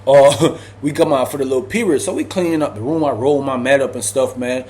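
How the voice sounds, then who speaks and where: A man telling a casual prison story in slangy, animated speech, acting out the people he quotes. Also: medium pitch, a little fast, a little hiss or hum.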